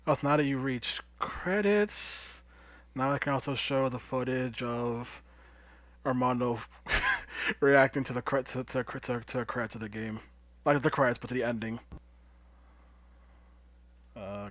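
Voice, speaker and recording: A young man explaining game footage in casual chat, calm and teasing. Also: mid-range voice, unhurried, pauses often, dry recording. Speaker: streamer showing footage.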